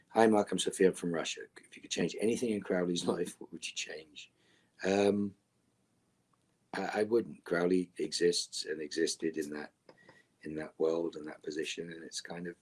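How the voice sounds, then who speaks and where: A man answering fan questions in a casual Q&A, reading each one out and replying in a relaxed way that often trails off into a low near-whisper. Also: husky.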